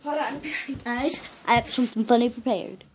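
A woman vlogging at home in a casual way, excitable and giggly, coaxing her pet to come over. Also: a little high, normal speed, a little hiss or hum. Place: at home, indoors.

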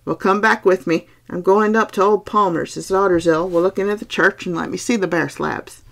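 A woman voicing a raw-boned male Irish village doctor with an Irish accent, blunt, teasing and forceful. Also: fairly low pitch, fairly quick, creaky. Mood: scoffing.

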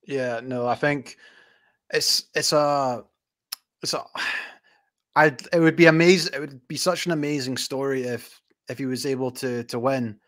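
Guy hosting a casual chat, average pitch, rambly, keeps restarting sentences. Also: steady tone, fairly bright tone. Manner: chatty, rambling, quick restarts. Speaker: host.

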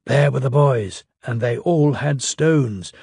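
A man reading a children's storybook aloud in a lilting, expressive way. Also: mid-range voice, takes it slowly, vocal fry, slightly rough, dry recording, studio quality. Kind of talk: storybook narration.

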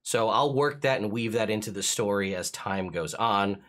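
A man acting as game master for a streamed tabletop game, explaining rules in an excitable, chuckling way. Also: lowish voice, normal speed.

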